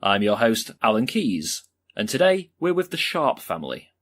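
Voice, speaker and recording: A man's voice: lowish voice, big pitch swings, moderate pace, a bit bright. A man playing an overeager, pushy home makeover TV host, with a theatrical presenter's delivery. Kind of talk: sketch comedy acting.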